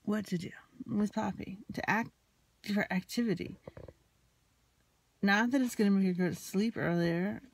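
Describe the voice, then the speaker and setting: A woman vlogger tells a personal story at a moderate pace, her voice medium in pitch and broken by frequent pauses. Anxious, rambling and confessional, she's still emotionally shaken as she retells a quarrel with quoted dialogue.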